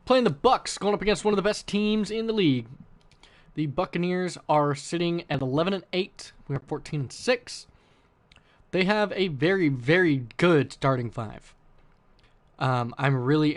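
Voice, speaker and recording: A man hosting his video game channel, chatting casually through a basketball franchise game with plenty of fillers and restarts. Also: a little high. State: hiccuping. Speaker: gaming channel host. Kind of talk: casual gameplay commentary.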